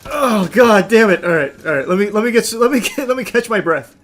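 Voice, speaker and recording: A man streaming a game, shouting, swearing and laughing in bursts between dry asides. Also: sits high, lively intonation, fairly quick, soft background music. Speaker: gaming streamer. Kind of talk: live gameplay commentary.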